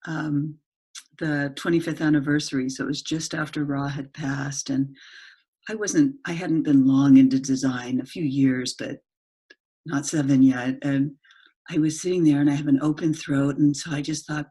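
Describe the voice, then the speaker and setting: A woman's voice: low voice, steady tone, normal speed, dark tone, slightly rough. A woman hosting an interview, telling stories in a chatty, self-deprecating way over a video call. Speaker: host. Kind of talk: casual conversational interview.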